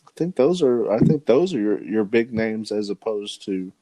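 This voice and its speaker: A man co-hosting a podcast in casual chat, circling his point with frequent restarts. His pitch swings widely as he talks. The recording is dry and close. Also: expressive, moderate pace, warm tone, dry recording. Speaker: podcast co-host.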